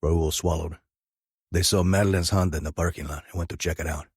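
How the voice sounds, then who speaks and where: A man's voice: sits low, steady tone, brisk, husky, no room sound, clean studio sound. A man reading a first-person audiobook with a tense, dramatic delivery. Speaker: audiobook narrator.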